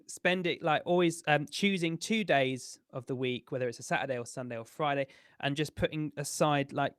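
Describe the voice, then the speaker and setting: A man's voice: medium pitch, fairly bright tone, smooth, no room sound, clean studio sound. A man with an English accent leading a choir rehearsal over a video call, giving chatty, instructive tips with plenty of fillers. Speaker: choir music director.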